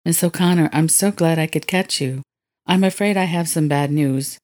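A man's voice: on the high side, normal speed, a little mellow, natural voice. Woman reading as a courteous apologetic businessman. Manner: formal, courteous. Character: polite apologetic male business buyer.

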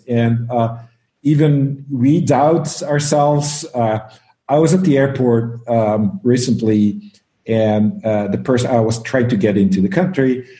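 A man's voice: medium pitch, dark tone, echoey room. A man from Belgium, a guest on a casual panel chat, telling stories with lots of fillers and frequent laughs. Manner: storytelling, laughs often, many fillers.

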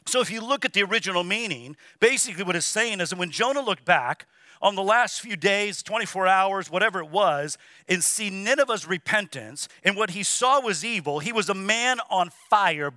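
A man preaching in a lively, dramatic style, his voice high-pitched and bright. He acts out quoted prayers with force. The sound is dry and close. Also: moderate pace, no room sound. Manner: animated preaching with quoted asides. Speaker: pastor. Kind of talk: sermon. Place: church.

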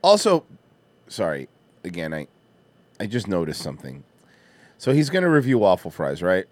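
A man's voice: deep voice, huge pitch swings, normal speed, a little mellow, no room sound. Laughing, profane male podcast host. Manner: loose, laughing, profane banter. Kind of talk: casual chat.

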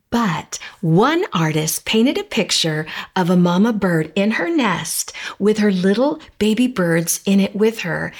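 A woman hosting a devotional podcast, reading scripture and speaking in an earnest, encouraging way, slowing down for declarations. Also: medium pitch. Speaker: podcast host.

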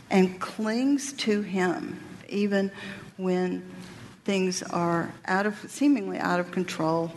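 A woman giving a women's workshop talk, sharing a personal testimony and Bible teaching in an earnest, reflective, halting way. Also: medium pitch. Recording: reverberant hall with faint noise.

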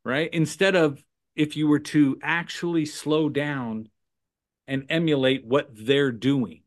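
Sales trainer guy on a podcast, animated, kinda high voice, acts out phone calls. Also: slow pace. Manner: punctuates points with "right?" and "okay?". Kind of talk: energetic podcast conversation.

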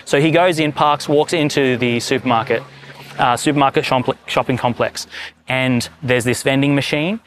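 A man's voice: mid-range voice, normal speed, a bit bright, a little hiss or hum. Man preaching with restarts. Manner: rambling, self-correcting storyteller with many restarts. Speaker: pastor. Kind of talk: sermon storytelling.

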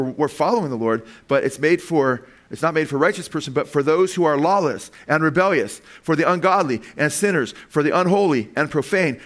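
A man's voice: fairly high pitch, a bit bright. Emphatic preaching man with constant "okay?". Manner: emphatic, asks the congregation questions; explains word by word, with frequent "okay" and "right". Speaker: pastor. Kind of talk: sermon with slides.

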